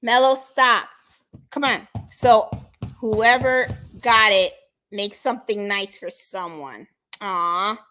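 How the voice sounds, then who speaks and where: A woman's voice: medium pitch, slow pace, pushed and bright. A woman from Puerto Rico hosting a casual craft livestream, chatting and greeting viewers by name as she reads their comments. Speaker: craft channel host.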